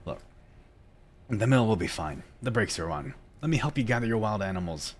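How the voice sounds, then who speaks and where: A man's voice: lowish voice, animated, fairly quick, slight background noise, close to an everyday voice. A man doing a good-humored miller with a put-on accent. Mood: kindly. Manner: amused, teasing, with an attempted accent. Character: good-humored middle-aged male miller.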